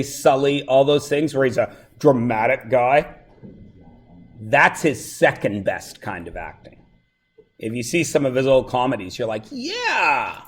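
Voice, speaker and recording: Reviewing math with his class, a man jokes around and wanders off on tangents, though he keeps making sure his students follow along. His voice is a little high.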